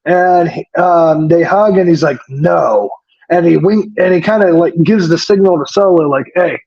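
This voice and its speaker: High-voiced man in dull lo-fi sound. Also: normal speed. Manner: rambling, swears often, many fillers. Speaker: wrestling podcast co-host. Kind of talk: casual chat recapping a wrestling show.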